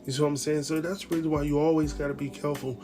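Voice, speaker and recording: A man with talks through a TV episode in loose, casual commentary. His voice sits a little high, and he acts out each character's lines with plenty of laughter. Faint music plays underneath. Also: racing. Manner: animated, acts out quotes, laughs often. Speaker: TV recap host.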